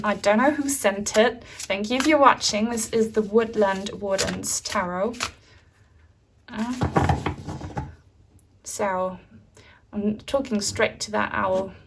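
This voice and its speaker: Gentle rambling woman reading tarot. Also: on the high side, a little hiss or hum. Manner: gentle, rambling, many fillers and soft laughs. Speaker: tarot reader. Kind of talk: pick-a-card tarot reading.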